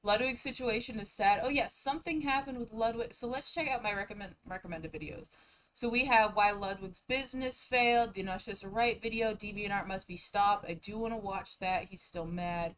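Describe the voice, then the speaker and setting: A young woman streaming. She chats casually and rambles, sometimes mumbling and sometimes breaking out loudly. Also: medium pitch, moderate pace, low-quality recording. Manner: rambling, chatty, swings between mumbling and loud outbursts. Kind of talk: casual live-stream chat.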